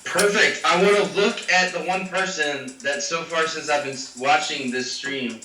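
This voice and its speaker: A man's voice: fairly high pitch, moderate pace, sharp tone. A man joining a tabletop role-playing game, asking loose, casual questions. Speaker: player. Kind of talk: tabletop role-play chat. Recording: roomy and distant, faint noise.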